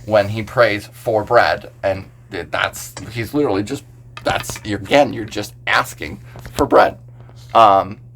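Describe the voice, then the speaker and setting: Relaxed man, pastor on a podcast. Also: fairly low pitch. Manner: relaxed, explains scripture verse by verse with filler "like". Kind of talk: casual podcast discussion.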